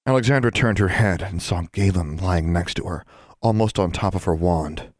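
A man narrating an audiobook in an even, measured storytelling manner. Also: sits low, very noisy.

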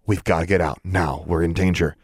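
A man's voice: low voice, steady tone, a little fast, slightly rough, dry recording, clean studio sound. A man voicing an anxious young woman, speaking urgently and tensely, near his own voice.

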